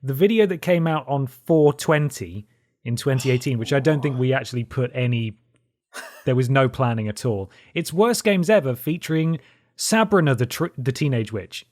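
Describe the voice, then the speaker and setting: A man's voice: medium pitch, animated, normal speed, a little mellow. A young man co-hosting a casual podcast, making dry remarks and reading out a list of videos. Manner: dry, wry remarks, reads out lists. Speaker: podcast co-host. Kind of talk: casual chat.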